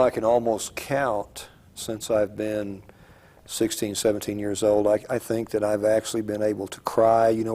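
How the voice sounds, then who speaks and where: Gravelly-voiced man hosting an interview. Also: lowish voice, dark tone. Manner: slow, probing questions with hesitant restarts. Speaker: talk show host. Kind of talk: interview conversation.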